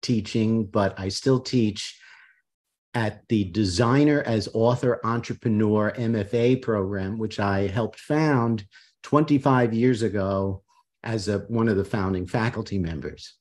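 A man from Queens answering interview questions as a guest over a video call, measured and precise. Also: lowish voice, a little mellow. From Queens, New York. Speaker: guest author and artist.

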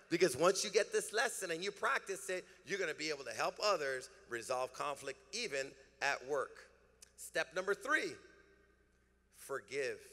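A male pastor preaching a sermon, prompting the congregation to repeat after him and swinging between emphatic peaks and quiet asides. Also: fairly high pitch. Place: church sanctuary. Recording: reverberant hall.

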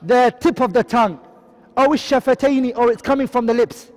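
A man teaching a tajweed lesson online, quickly reciting Arabic terms and then explaining them in English, often asking a question and answering it himself. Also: very high-pitched, darkish tone, big-room sound. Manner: quizzing, asks and answers his own questions.

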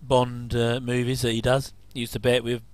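A man's voice: medium pitch, completely flat delivery, normal speed, no echo. A middle-aged man giving a chatty, jokey commentary over a TV episode. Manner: chatty, jokey asides with chuckles. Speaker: commentary host. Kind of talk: casual watch-along commentary.

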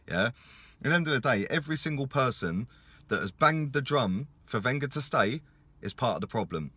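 A man's voice: mid-range voice, animated, fairly quick, pushed and bright, husky, no room sound. Furious sweary man ranting. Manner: furious, sweary, keeps asking "yeah?". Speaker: football fan vlogger. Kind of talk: angry ranting monologue.

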